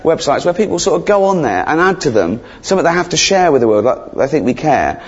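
A man doing a stand-up comedy routine, rambling and sweary, with deadpan asides that break into shrill outbursts. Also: fast talker, husky. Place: theatre stage before a laughing crowd. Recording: dull live recording with loud audience.

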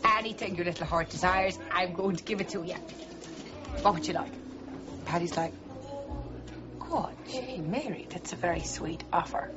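An actress playing a playful, wry young college student in film dialogue. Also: female voice, lowish voice, normal speed, pauses often, close to an everyday voice. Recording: muffled film audio with music.

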